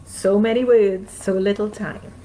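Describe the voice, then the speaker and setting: A North American woman reads her own memoir aloud from home in a live stream, now and then pausing to chat with her audience. Her mid-range voice is mellow and steady, and she speaks a little slowly. There's slight background noise, and the recording is rough.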